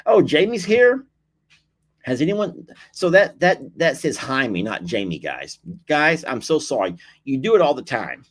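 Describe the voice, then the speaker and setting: A man hosts a casual livestream, chatting, reading viewer comments out loud, laughing a lot and teasing. His voice is fairly high-pitched and very animated, and he talks a little slowly.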